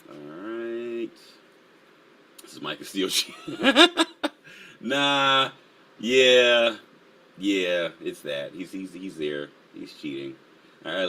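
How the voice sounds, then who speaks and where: A man's voice: low-pitched, very animated, slow, bright, forceful tone. A man hosting a casual live stream, full of energy, laughing often and reading the chat aloud. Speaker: livestream host.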